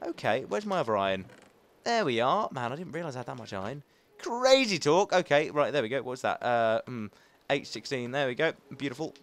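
A man's voice: mid-range voice, a bit bright. A young man giving chatty, self-mocking commentary while playing a game, talking to himself as he goes. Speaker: gaming channel host. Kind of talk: casual let's play commentary.

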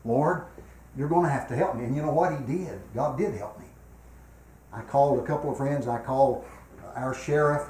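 An older man preaching a revival sermon in a church, swinging between loud, emphatic exhortation and quiet personal storytelling. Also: mid-range voice, a little hiss or hum. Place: church sanctuary. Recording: echoey church room.

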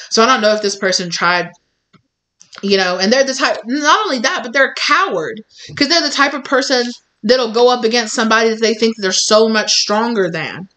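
A woman's voice: mid-range voice, fairly bright tone, low-quality recording. Chatty woman giving a rambling tarot reading. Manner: rambling, many filler words, acts out quoted voices. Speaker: tarot reader. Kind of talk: casual spoken tarot reading.

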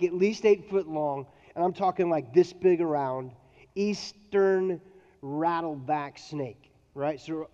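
Man, pastor giving a sermon, high voice, dull sound with long hall reverb. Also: darkish tone. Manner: playful, joking storyteller. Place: church auditorium.

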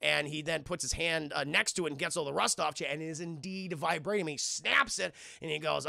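A man streaming a film review, retelling scenes with excitement, acting out the characters' lines and talking to his chat. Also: fairly high pitch, brisk, creaky, hardly any pauses, no room sound, clean studio sound. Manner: excitable, acts out characters, keeps addressing chat. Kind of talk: animated scene-by-scene film recap.

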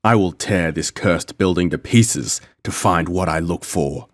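A man voicing a cold, menacing male pirate captain with a deep voice in an audiobook. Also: unhurried, no room sound.

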